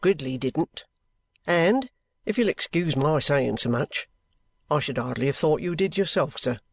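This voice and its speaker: A man voicing a bluff, steady middle-aged ex-soldier who talks plainly and good-humouredly. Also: on the high side, unhurried, vocal fry, husky, pitched below the performer's own voice, exaggerated voice.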